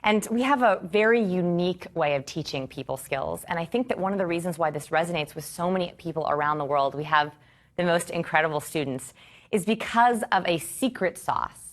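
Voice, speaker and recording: A woman in her thirties teaching a course to a live audience, enthusiastic and expressive, asking rhetorical questions. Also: lowish voice, brisk. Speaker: course instructor.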